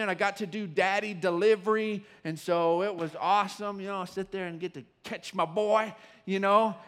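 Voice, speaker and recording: High-voiced pastor preaching with folksy energy. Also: male voice. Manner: animated storytelling, bursts of whooping and shouting when excited; folksy, many fillers and restarts. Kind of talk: sermon.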